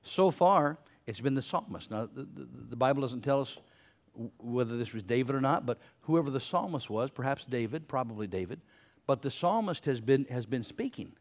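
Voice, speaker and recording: An older man preaching a sermon to his church in a folksy, animated way, full of stammered restarts. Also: mid-range voice, normal speed. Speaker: pastor. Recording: slightly muffled sermon recording.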